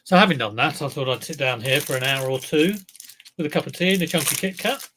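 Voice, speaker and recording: A man streaming live as a clothes reseller talks fast in a slightly high, sharp voice, with a touch of hiss or hum in the recording. He's chatty and self-deprecating, humming along and eating as he talks.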